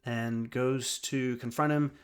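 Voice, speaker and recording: A man's voice: mid-range voice, steady tone, slow pace. Rambling man recapping a TV episode. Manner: rambling, many fillers and restarts, chuckles often. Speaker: film and TV reviewer. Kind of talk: casual spoken episode recap.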